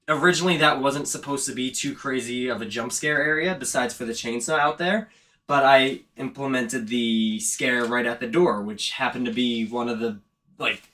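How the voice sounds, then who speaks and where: A vlogger and haunt actor talks casually while setting up an animatronic indoors, rambling a bit about haunt acting in a self-aware way. His voice sits at medium pitch and sounds pushed and bright.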